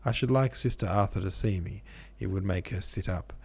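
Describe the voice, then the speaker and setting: A hearty young medical student chats in a breezy, friendly way, as a man reads him out. The voice sits low with a gravelly edge. It keeps a cheerful, easy tone. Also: fairly quick.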